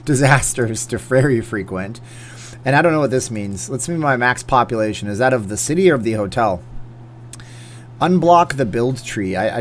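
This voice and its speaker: A man at an ordinary middle pitch hosts a casual live stream of a game he plays. He jokes wryly and thinks out loud as he goes. A faint hum runs under his voice. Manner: joking, wry, thinks aloud. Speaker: host.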